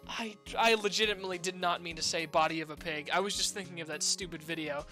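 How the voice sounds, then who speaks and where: A woman's voice: fairly low pitch, steady tone, quick pace, hardly any pauses, pushed and bright, faint music behind. A woman streaming a game read-through, making giggly, offhand asides. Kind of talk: casual game reading stream.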